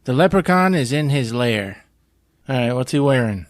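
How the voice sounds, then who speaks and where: A man's voice: mid-range voice, expressive, normal speed, faint music behind. A man co-hosting a casual podcast, making wry jokes. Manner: wry, joking. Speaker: podcast co-host.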